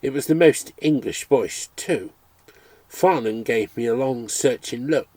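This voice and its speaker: A man reading a memoir aloud as a storyteller, expressive and engaged. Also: mid-range voice, measured pace, no echo. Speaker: audiobook reader.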